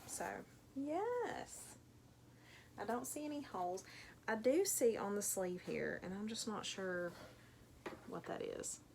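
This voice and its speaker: A middle-aged woman from Tennessee, USA, with a Tennessee accent and a gravelly, mid-range voice, films an unboxing vlog at home as a thrift reseller. She chats casually and rambles with lots of ums, with slight background noise audible.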